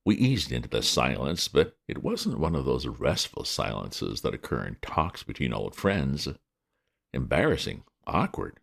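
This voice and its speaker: A man reading a comic novel aloud with lively, wry narration. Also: very deep voice, a little slow, gravelly. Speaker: reader of classic fiction. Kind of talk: audiobook narration.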